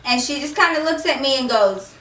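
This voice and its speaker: A young woman vlogger tells a heated story emphatically, acting out the scene, shouting quoted lines and filling her speech with "like" and "okay?" asides. Her high voice is animated and brisk, recorded from a distance in a roomy-sounding space.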